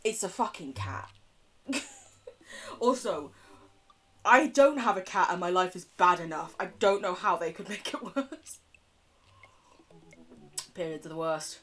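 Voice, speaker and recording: A woman streaming a video game, chatty and quick, swearing freely and laughing often as she reacts and reads aloud. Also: lowish voice, expressive, fairly bright tone. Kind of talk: live-stream game commentary.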